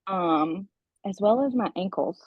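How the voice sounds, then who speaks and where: A woman's voice: medium pitch, measured pace, breathy edge, dry recording, narrow, tinny audio. A woman client chatting casually and wryly with her healer. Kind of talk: casual chat.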